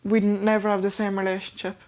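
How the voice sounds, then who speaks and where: An Irish woman speaks candidly and earnestly in a very flat, even voice. She talks with her mother in a documentary conversation. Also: mid-range voice, quick pace.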